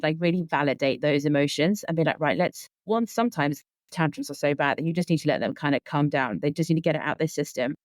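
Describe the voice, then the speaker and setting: A woman in her thirties, a sleep consultant, is a guest on a podcast for a casual conversational interview. Her low voice, captured in a dry recording, is earnest as she rambles with plenty of filler words.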